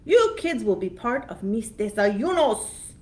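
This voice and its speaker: A woman's voice: fairly high pitch, big pitch swings, a little slow. A woman voicing a hungry female troll with a scratchy, roaring, threatening voice for a storybook reading. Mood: hungry menacing.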